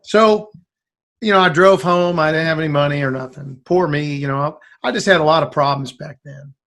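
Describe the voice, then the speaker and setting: High-voiced man telling a rambling story. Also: fairly quick. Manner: rambling, animated, acts out quoted lines. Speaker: guest musician. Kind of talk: casual storytelling.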